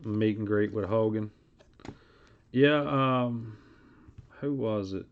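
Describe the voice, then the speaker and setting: A man's voice: on the low side, takes it slowly. A man hosting a live card break stream. He talks in casual, rambling asides and reads card names aloud as he goes. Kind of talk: casual live-stream chat while opening card packs. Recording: dull lo-fi stream audio.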